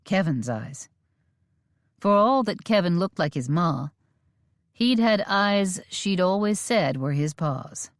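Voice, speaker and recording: A woman reading a western romance audiobook in measured, steady storytelling. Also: lowish voice, dry recording, studio quality. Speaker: audiobook narrator. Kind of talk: scripted audiobook narration.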